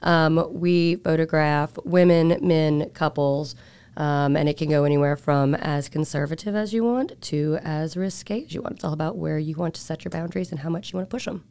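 Woman, low voice, smooth, photographer guest, relaxed, candid. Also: normal speed. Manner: relaxed, candid, laughs easily. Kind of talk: casual interview chat.

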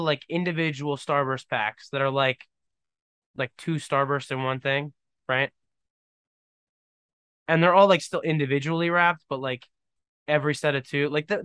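A man's voice: on the high side, fairly bright tone, clean tone, no room sound. A young man hosting a podcast in casual solo chat, rambling and emphatic, often saying "dude". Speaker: podcast host.

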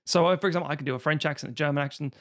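A man's voice: a little high, racing, fairly bright tone. A man co-hosting a casual podcast, stammering into his points and swearing now and then. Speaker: podcast co-host. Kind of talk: casual chat.

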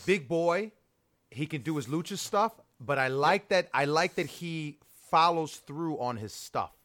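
A man's voice: on the high side, lively intonation, measured pace, a bit bright. Laid-back male podcast co-host. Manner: laid-back, chimes in briefly. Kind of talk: casual chat.

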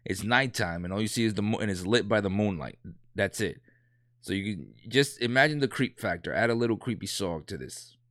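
A man's voice: lowish voice, fairly bright tone, no room sound, studio quality. A man in his thirties telling a casual anecdote, rambling and profane, with many restarts. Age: 30s. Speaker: storyteller.

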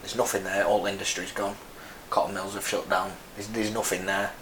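A thirties man from Burnley in northern England, speaking with a Lancashire accent, is an army veteran guest in a casual interview, telling his story frankly and rambling with many restarts. His voice sits low with little pitch movement, a bit bright, and he talks fairly quickly. The echoey room carries faint noise.

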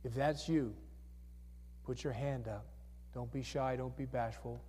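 A male pastor speaks at a measured pace in a mid-range, dark, fairly even voice, leading an altar call in a church sanctuary. He repeatedly asks questions and calls for hands to coax people forward, and the recording has church hall reverb plus a little hiss or hum.

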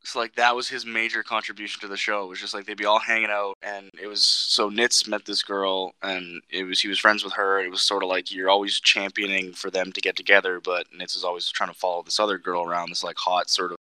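A man co-hosting a podcast in casual chat, telling animated stories, swearing and acting out voices. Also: low voice, fairly quick, hardly any pauses, low-quality recording. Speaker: podcast co-host.

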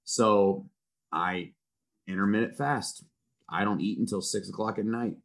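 A man in his thirties, a football coach on a podcast, telling stories in a profane, self-mocking, animated way. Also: lowish voice, unhurried, creaky. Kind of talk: casual storytelling chat.

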